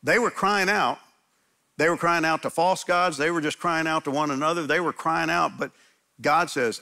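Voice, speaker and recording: A man's voice: a little high, moderate pace, gravelly, bright, forceful tone. A man pastor preaching a sermon in a church, conversational and emphatic, often restarting his sentences.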